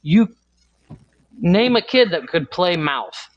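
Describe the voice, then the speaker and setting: A man's voice: high-pitched, big pitch swings, takes it slowly. Rambling podcast co-host man, dull lo-fi sound. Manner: rambling, searching for words. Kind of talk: casual chat.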